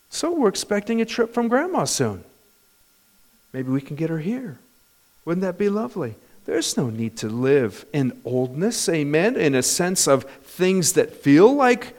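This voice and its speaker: A male pastor preaching a sermon in a church, animated, with bursts of loud emphasis. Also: on the high side, a little slow.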